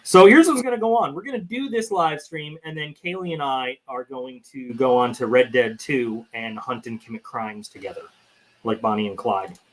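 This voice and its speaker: A man's voice: mid-range voice, moderate pace. A man hosting a casual live stream, chatting loosely to his viewers and rambling between topics. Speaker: channel host.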